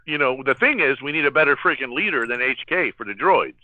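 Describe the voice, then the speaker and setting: A man's voice: medium pitch, lively intonation, fast talker, no echo. A man co-hosting a casual gaming livestream, talking in rambling, restarting sentences. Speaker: co-host. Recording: dry tinny phone-like line.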